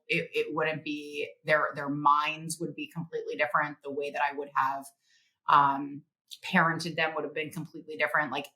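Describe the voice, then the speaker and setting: A middle-aged woman, a guest author, telling stories in an animated interview, acting out quotes and laughing often. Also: sits low, poor audio. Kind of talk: podcast interview, storytelling.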